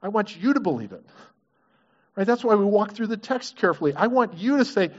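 Guy preaching a sermon, kinda high voice, muffled recording. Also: brisk. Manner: asks the congregation questions, animated and earnest. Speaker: pastor. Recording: dull lo-fi recording.

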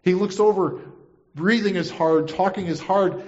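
A man's voice: high voice, moderate pace, darkish tone, muffled recording. A man preaching a sermon, retelling scripture and acting out the quoted voices with feeling. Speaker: pastor.

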